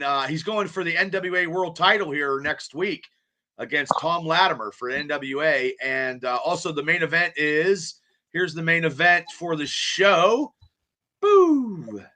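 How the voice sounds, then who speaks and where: A man's voice: fairly high pitch, bright, forceful tone. A man hosting a podcast in casual chat, rambling and stammering as he repeats words. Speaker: podcast host.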